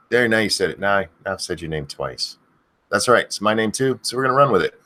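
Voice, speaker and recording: A middle-aged man hosting a live stream, chatting casually and crudely, swearing freely, and bursting into high-pitched shouts of viewers' names. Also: animated, fast.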